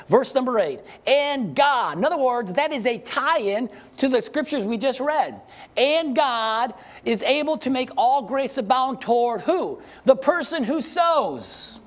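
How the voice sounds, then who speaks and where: A man's voice: very high voice, big pitch swings. Man preaching a call-and-response sermon. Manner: preaching, rhetorical questions to the congregation; emphatic, slows down to read scripture aloud. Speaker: pastor. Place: church service with congregation.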